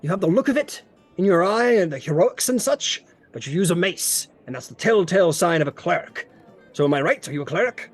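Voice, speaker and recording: A hearty knight bellows his cheers in a raised, fairly high voice, as a man puts him on. He is loud and jovial, the life of a tavern celebration, and stays friendly when he sizes up a stranger. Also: animated, a little fast, soft background music. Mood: friendly probing.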